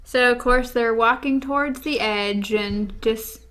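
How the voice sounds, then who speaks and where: Higher-voiced woman recapping a show. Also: measured pace, a bit bright. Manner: chatty retelling, quotes characters. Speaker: podcast co-host. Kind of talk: casual episode recap.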